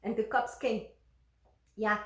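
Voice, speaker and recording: A woman tells a personal story in a loose, chatty vlog style, her voice sitting a little high. She pauses and restarts often. The room around her is noticeably echoey. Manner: chatty, lots of fillers and restarts. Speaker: vlogger.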